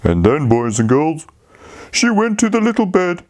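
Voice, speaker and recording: A man telling a fairy tale to children, speaking slowly and talking to them directly. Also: fairly high pitch. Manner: slow, lively, talks to the children. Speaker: storyteller. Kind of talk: children's storytelling.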